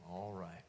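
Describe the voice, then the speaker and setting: A man's voice: low-pitched, a little hiss or hum. Middle-aged male pastor, homespun storytelling, in a hall with long reverb. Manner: folksy storytelling, then quiet earnest appeal. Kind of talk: sermon. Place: church sanctuary. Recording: church hall reverb on a live stream.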